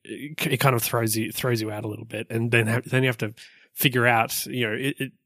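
A man from Australia in casual conversation, talking haltingly and repeating words as he finds his point. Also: medium pitch, steady tone, a bit bright, no room sound, studio quality. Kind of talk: casual travel chat.

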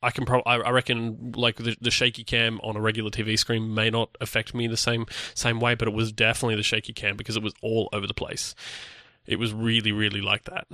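A man's voice: mid-range voice, sharp tone, no echo, clean studio sound. A man co-hosting a casual podcast, rambling with restarts and fillers. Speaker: podcast co-host.

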